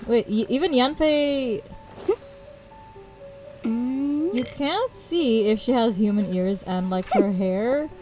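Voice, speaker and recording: A woman's voice: a little high, expressive, slow, pauses often, over music, poor audio. Giggly, chatty young woman streamer. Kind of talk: casual game stream chat.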